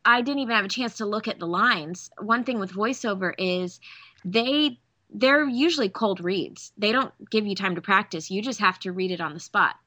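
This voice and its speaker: Casting: young Southern woman, bright, crisp voice, dry close sound, animated storyteller. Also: mid-range voice, normal speed, no echo. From American South. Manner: animated storyteller, acts out quoted voices, laughs often. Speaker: voice actress guest. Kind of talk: casual interview storytelling.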